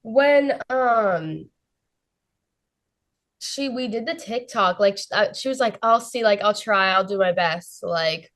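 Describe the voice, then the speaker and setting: A young woman, a guest on an interview show, excitedly telling a story and filling her sentences with "like" and "literally". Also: mid-range voice, takes it slowly. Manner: breathless, fills every phrase with "like" and "literally".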